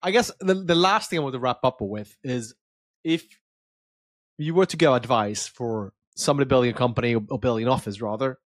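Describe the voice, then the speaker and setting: A man's voice: mid-range voice, fairly quick, dry recording. Man interviewer, dry close sound. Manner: brief encouraging backchannels. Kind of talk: casual interview.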